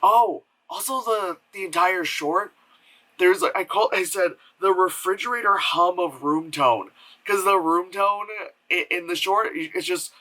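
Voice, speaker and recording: A man's voice: high-pitched, measured pace, pushed and bright, rough recording. A man giving a casual spoken film review from home, rambling with lots of fillers and acting out quotes in mocking voices. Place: home room with air purifier hum.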